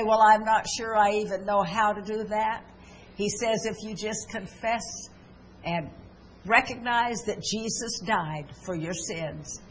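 A woman's voice: mid-range voice, poor audio. Woman pastor preaching in church, earnest, lots of uh's and restarts, bit of hiss. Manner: earnest, leads a prayer, many restarts and fillers. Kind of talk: sermon.

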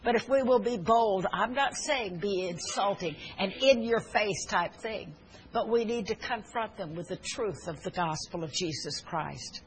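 A woman's voice: medium pitch, measured pace, slight background noise, rough recording. A woman preaching a sermon, telling stories earnestly with fillers and restarts, and urging her listeners fervently.

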